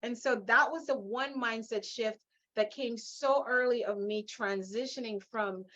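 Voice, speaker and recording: A middle-aged woman from Guyana with a Guyanese accent, telling her story as an interview guest in an emphatic, animated way, laughing often. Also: on the high side, unhurried, muffled recording. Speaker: guest, leadership coach.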